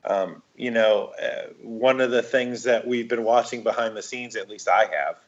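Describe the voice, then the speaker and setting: A man's voice: on the low side, moderate pace, highs cut off. A man co-hosting a movie podcast, talking in a rambling, hesitant way with lots of restarts. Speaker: podcast co-host. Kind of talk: casual chat.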